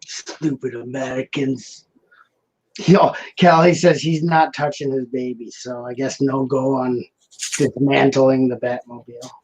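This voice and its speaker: A man's voice: medium pitch, fairly even intonation, moderate pace, darkish tone, rough recording. A man hosting a live building stream, chatting casually and jokingly while reading out viewer comments.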